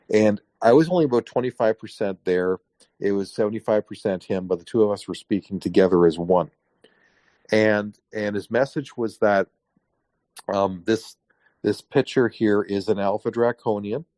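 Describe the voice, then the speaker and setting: Low-voiced man telling a story, dry sound. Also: no room sound. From Canada. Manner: animated storyteller, acts out quoted voices. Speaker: guest. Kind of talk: casual interview storytelling.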